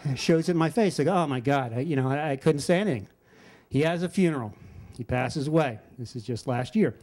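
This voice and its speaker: A man's voice: fairly high pitch, fairly quick. An older man telling a personal story live at a story slam, animating the quoted voices of people around him. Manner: animated, acts out quoted friends with voice shifts.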